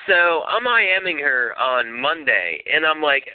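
A man's voice: on the high side, sing-song, measured pace, hardly any pauses, no room sound. A man hosting a radio show, telling a story in casual chat with lots of profanity and laughter. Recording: tinny phone-like radio audio.

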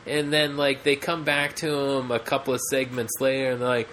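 A man's voice: mid-range voice, flat delivery, brisk, fairly bright tone, a little hiss or hum. A man co-hosting a podcast in casual chat, rambling with many fillers and restarts. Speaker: podcast co-host.

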